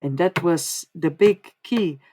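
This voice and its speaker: A woman's voice: fairly low pitch, slow, warm tone, husky. A woman speaking as a channeled old male holy man, preaching in plain, broken phrases. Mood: solemn.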